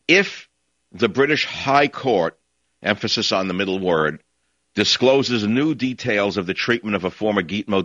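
A man's voice: low-pitched, sharp tone, no echo. A man hosting a talk radio show, delivering an opinionated monologue with a sarcastic, combative edge, heard over muffled lo-fi broadcast audio.

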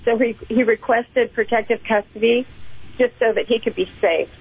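A woman's voice: a little high, fairly even intonation, moderate pace. A woman calling in to a radio show who speaks politely and earnestly. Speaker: caller. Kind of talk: phone-in conversation. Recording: tinny phone line.

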